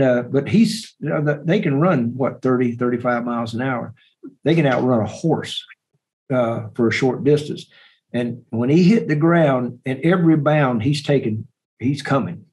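A man who is a bowhunter, telling a hunting story as a podcast guest, animated and repeating words as he goes. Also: mid-range voice, normal speed, rough recording. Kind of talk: hunting story told in an interview.

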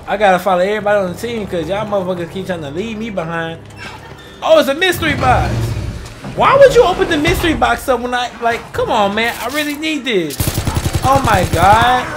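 A man giving casual gameplay commentary as a gaming channel host, loud, profane and jokey, talking trash to the enemies. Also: very high-pitched. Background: game music and gunfire.

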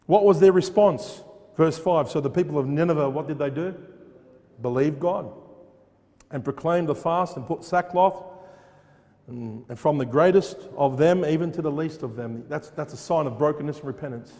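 A man's voice: a little high, dark tone, big-room sound. A man preaching a fervent sermon in a church, repeating phrases and firing off rhetorical questions.

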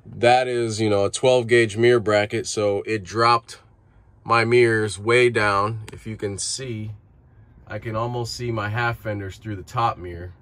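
Laid-back rambling man, lowish voice. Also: fairly even intonation, measured pace, fairly bright tone. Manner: laid-back and rambling, full of fillers and restarts. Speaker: truck driver vlogger. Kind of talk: casual how-to vlog. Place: inside a truck cab.

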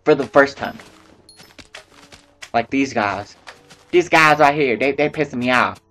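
A man's voice: mid-range voice, a little slow, sharp tone, soft background music. A man giving casual let's-play commentary, rambling to himself and swearing freely. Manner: rambling, profane, talks to himself. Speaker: gameplay commentator.

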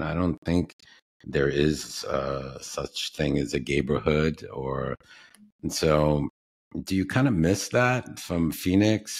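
Gravelly deep-voiced Brooklyn man. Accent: Brooklyn New York. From Brooklyn, New York. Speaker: podcast host. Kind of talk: casual interview chat.

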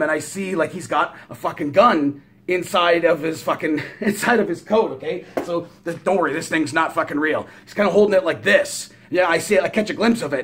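A man casually telling a long, rambling story, swearing constantly and acting out every beat. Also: a little high. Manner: profane, animated, rambling. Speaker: vlogger.

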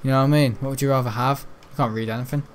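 A man's voice: mid-range voice, steady tone, rapid-fire, a little hiss or hum. A man rambling chattily as host of gameplay commentary, with casual swearing and restarts. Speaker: gaming channel host.

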